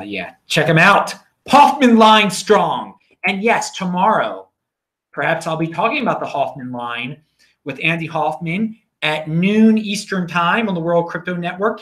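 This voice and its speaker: A man's voice: mid-range voice, a bit bright. A middle-aged man hosting his own daily show, talking straight to camera in an emphatic, preachy way, repeating key phrases and restarting sentences as he rambles. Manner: rambling, with frequent restarts and fillers. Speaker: host of a daily cryptocurrency show. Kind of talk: casual solo video monologue.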